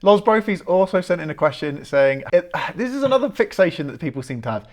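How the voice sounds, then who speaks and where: A man's voice: sits high, sing-song, a little fast, few pauses. A man hosting a casual podcast, reading out listener questions and laughing easily. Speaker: podcast host.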